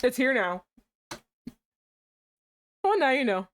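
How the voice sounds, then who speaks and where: A young adult woman streamer giving casual commentary on a game she is playing, reacting with animated outbursts. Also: slow. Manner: animated, swings into high exclaims.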